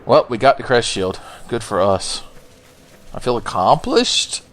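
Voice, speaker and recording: A man's voice: mid-range voice, sing-song, measured pace, fairly bright tone, slight background noise. A man giving let's play commentary in a jokey, profane, rambling way. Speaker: gameplay commentator.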